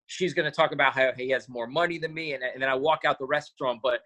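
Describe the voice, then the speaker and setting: A man's voice: medium pitch, fast. A man telling stories as a guest in a casual interview, acting out quoted lines as he goes. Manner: animated storyteller, acts out quotes. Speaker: podcast guest.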